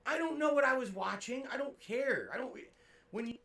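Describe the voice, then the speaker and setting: A man's voice: very high voice, animated, a little fast, gravelly, a bit bright, roomy sound. A man livestreaming and reading out tips in a goofy, over-the-top, theatrical manner. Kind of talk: livestream chat.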